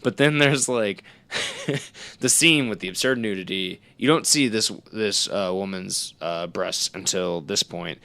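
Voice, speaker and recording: A man with a bright, forward voice, slightly low in pitch, tells a film story in a loose, rambling way, often laughing and acting out what the characters said. The sound is dry and close, with no room around it. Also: unhurried, gravelly, no echo. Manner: rambling, laughing storyteller who acts out quoted lines. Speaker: podcast co-host. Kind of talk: casual movie-review chat.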